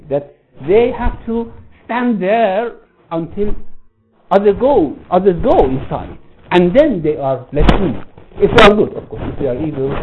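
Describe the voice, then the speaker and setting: A man giving a religious lecture, telling a story, halting often to restart and rephrase. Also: fairly high pitch. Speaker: religious teacher. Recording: tinny phone-like line with faint noise.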